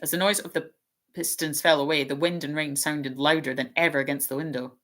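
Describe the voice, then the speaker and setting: A woman with a low voice reads a storybook aloud at a steady pace. She narrates calmly and now and then trips over a word and corrects herself. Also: a little fast. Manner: steady narration with small slips and self-corrections. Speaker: channel host reading aloud.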